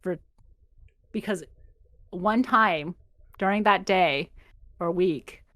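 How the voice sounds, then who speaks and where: A woman with a fairly low voice chats loosely as a podcast co-host, trailing off and restarting her thoughts. Her voice sounds close and dry, with no room around it. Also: slow pace, fairly bright tone, dry recording. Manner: rambling, lots of fillers and self-corrections. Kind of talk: casual chat.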